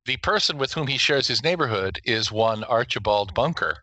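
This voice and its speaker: A man's voice: medium pitch, lively intonation, normal speed, sharp tone, no echo. A middle-aged man co-hosting a podcast in casual chat, jokey and rambling, often groping for names. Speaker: podcast co-host.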